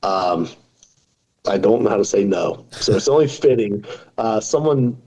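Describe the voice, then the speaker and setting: Husky guy w a dark mellow voice, joking around casually on a podcast. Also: fairly low pitch, animated, measured pace, low-quality recording. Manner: joking, self-deprecating storyteller. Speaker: podcast guest. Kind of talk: casual interview talk.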